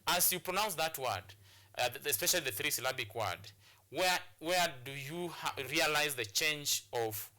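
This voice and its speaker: Bright-voiced teacher man, repeating himself. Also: on the high side, expressive, moderate pace. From Kenya. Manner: repeats phrases, stop-start explaining. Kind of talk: classroom lesson on TV.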